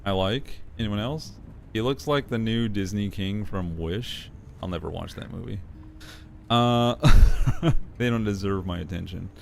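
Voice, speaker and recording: A man's voice: on the low side, a little slow, vocal fry, slight background noise. A man chatting casually and playfully on a live stream, laughing often.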